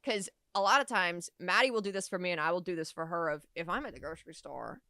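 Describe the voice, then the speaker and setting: A woman co-hosting a podcast, with a bright, crisp, forward voice at a middle pitch. She chats quickly and laughs often, and keeps turning to the listeners as "guys". The sound is dry and close. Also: no echo. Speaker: podcast co-host. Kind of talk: casual chat.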